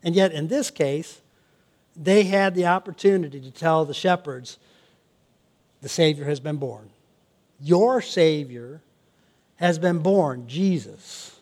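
Older male pastor, high voice, animated sermon delivery with laughing asides. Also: slow, long pauses.

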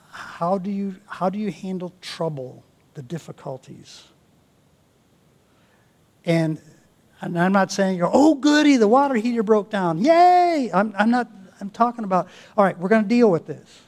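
Earnest high-voiced preacher man. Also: moderate pace. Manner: earnest, exhorting, with rhetorical questions. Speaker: pastor. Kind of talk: sermon.

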